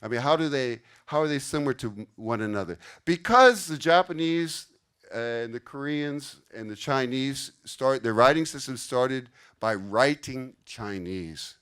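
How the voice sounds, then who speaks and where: A man's voice: mid-range voice, expressive, measured pace, fairly bright tone, smooth. An older man giving a casual, explanatory lecture to a live audience in a conference room, often checking in with "okay?". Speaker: conference speaker.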